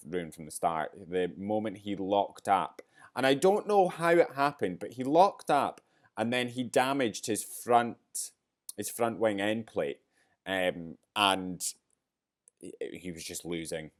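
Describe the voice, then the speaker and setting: Emotional low-voiced man reviewing a race. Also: unhurried. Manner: excitable, rambling, gets emotional. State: teary, choked up. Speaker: podcast host. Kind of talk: casual race review chat.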